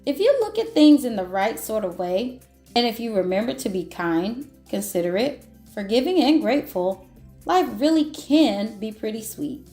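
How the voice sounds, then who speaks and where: Woman reading as a gentle reformed grape. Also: fairly high pitch, expressive, moderate pace, echoey room, faint music behind. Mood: warm. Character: once-grumpy grape learning to forgive. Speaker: children's book reader. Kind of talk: picture book read-aloud.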